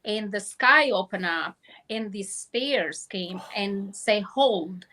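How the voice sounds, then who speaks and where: A woman telling a long dream story over a phone call, halting and restarting often. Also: mid-range voice, lively intonation, sharp tone. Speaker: guest.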